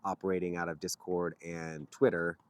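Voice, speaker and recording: A man's voice: low voice, little pitch movement, moderate pace, no room sound. A man vlogging outdoors near a street, telling a story casually in a rambling way with frequent chuckles. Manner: rambling, chuckling, with many fillers.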